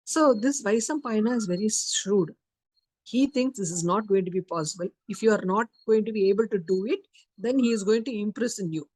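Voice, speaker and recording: A woman teaching a study circle, telling a story in a lively way and acting out the quotes. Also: medium pitch, a little fast, dry recording. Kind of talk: storytelling lecture.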